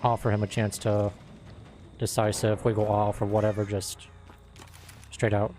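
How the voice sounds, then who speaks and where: Swearing low-voiced gamer man. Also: little pitch movement, moderate pace, a little mellow, slight background noise. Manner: muttering, swearing, thinking aloud. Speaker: gaming streamer. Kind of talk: casual gameplay commentary.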